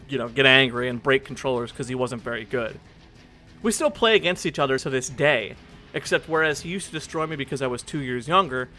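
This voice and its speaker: A man's voice: mid-range voice, bright, forceful tone. A man in his twenties narrating a scripted video essay in an earnest, reflective way.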